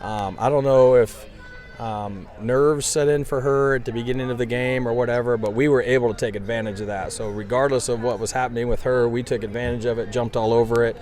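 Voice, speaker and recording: A man's voice: medium pitch, fairly even intonation, a little fast, darkish tone. A man, a head coach, talking chattily and enthusiastically after a game, outdoors at a ballfield, with many "um"s and restarts. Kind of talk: postgame radio interview.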